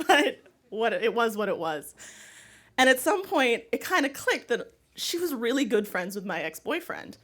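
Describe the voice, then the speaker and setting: A woman's voice: on the high side, moderate pace. A young woman telling a candid, wry personal story live on stage to an audience. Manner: candid, wry, lively delivery with laughter. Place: small live venue before an audience.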